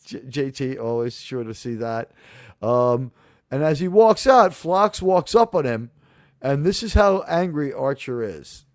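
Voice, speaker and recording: A man hosting a casual livestream review chat, animated and profane, acting out the lines he quotes. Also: medium pitch, unhurried, no echo, clean studio sound. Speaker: host.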